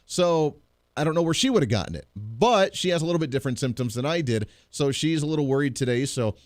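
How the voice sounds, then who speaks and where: A man's voice: on the high side, lively intonation, fast, dry recording. A man hosting a talk radio show, a little congested, chatty and joking with frequent restarts, in a radio studio. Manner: chatty, jokey, lots of restarts.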